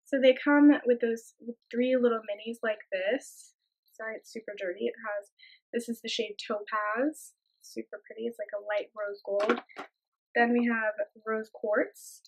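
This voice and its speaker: A woman beauty vlogger narrating a casual makeup tutorial in a chatty way, gushing with quick exclamations over the shades. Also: fairly high pitch, fairly even intonation.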